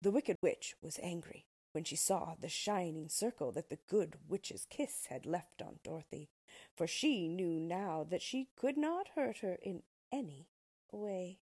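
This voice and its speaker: A woman's voice: lowish voice, animated, a little slow, darkish tone, husky. A woman reading a storybook aloud, narrating expressively and unhurriedly.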